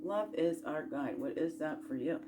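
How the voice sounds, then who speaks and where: A woman hosting a casual self-growth chat, folksy and encouraging, rambling through asides and rhetorical questions, sometimes bursting out loud and sometimes dropping to a murmur. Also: sits low, animated, normal speed, music in the background. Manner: swings between loud bursts and quiet murmurs. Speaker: spiritual self-growth host.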